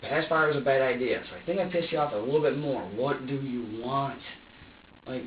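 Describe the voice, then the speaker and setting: Captured by a distant room camera in a roomy interview room, a young man in his twenties under police interrogation talks in a rapid-fire, mid-range voice. He's agitated, rambling, and profane, repeatedly restarting sentences, and the dull, lo-fi recording carries a faint hiss.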